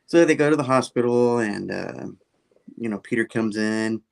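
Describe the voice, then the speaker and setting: With a mid-range voice, moderate pace and some vocal fry, a man loosely retells a comic book story. His rambling recap is full of fillers, and he tosses in character quotes in passing, often as "he's like."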